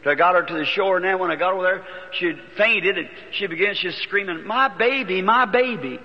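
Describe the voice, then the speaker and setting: A man's voice: high voice, steady tone, fast talker. A man, preaching a sermon and telling his life story in a folksy way, taking on the voices of the people in it, recorded before a congregation in a large hall. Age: 50s. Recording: dull lo-fi archival sermon recording with long hall reverb.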